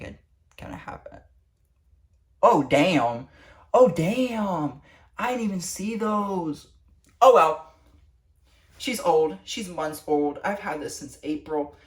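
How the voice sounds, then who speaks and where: A teenage girl vlogging, ranting to camera with lots of swearing and exasperation. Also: low-pitched. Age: teens. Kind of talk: casual rant to camera. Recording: echoey room, distant mic.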